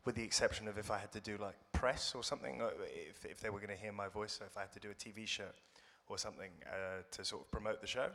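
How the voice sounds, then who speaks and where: A man's voice: on the low side, fairly even intonation, quick pace, few pauses, pushed and bright. A young British man chatting as a guest actor in an interview, thoughtful and self-deprecating, rambling with restarts. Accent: British English. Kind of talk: casual interview chat. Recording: reverberant room.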